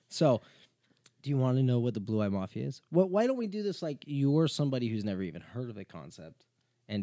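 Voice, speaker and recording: A man's voice: on the low side, dark tone, no room sound, studio quality. A man hosting his own podcast, bantering playfully and mocking himself with his wife as a guest. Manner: playful, self-mocking, jumps into bits. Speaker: podcast host and creator. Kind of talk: casual comedic podcast banter.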